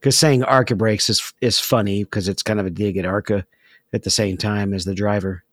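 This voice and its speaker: A man's voice: on the low side, steady tone, fairly quick, a bit bright, no echo, studio quality. A man co-hosting a podcast in casual chat, upbeat and keeping the show moving. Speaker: podcast co-host.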